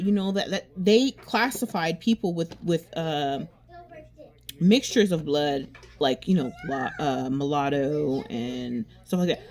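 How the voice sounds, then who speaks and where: A woman chatting casually while doing her makeup, rambling and candid, often restarting and repeating herself, with frequent swearing. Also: on the low side. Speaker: beauty vlogger.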